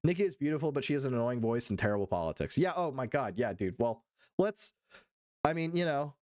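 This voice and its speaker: A young man streaming, reacting to clips in profane, excited commentary full of laughs. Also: mid-range voice, fairly quick, no echo, clean studio sound.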